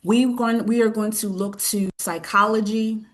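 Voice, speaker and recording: A woman hosting a webinar over a video call, speaking in a calm, enthusiastic teacher voice and often repeating herself. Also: medium pitch. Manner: slow, calm, repeats phrases. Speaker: webinar host. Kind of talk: guided breathing and lecture.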